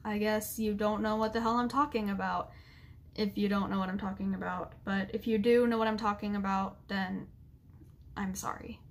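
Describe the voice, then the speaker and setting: A young woman talks to her camera, her voice close to tears as she holds them back. She stumbles through fillers and restarts, sitting at an ordinary mid pitch for a woman. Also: fairly even intonation. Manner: halting, with many fillers and restarts. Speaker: vlogger. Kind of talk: emotional apology vlog.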